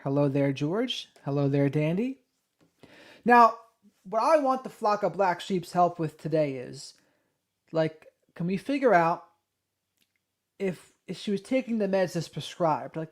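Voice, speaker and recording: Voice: medium pitch, a little mellow. Conversational true crime stream host. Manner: conversational, hesitant, thinking aloud. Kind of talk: livestream commentary, reading a transcript aloud.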